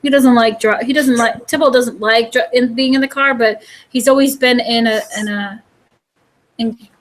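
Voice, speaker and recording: A woman's voice: fairly high pitch, fairly even intonation, normal speed, low-quality recording. A woman vlogger and host in casual chat, chatty and rambling with many fillers.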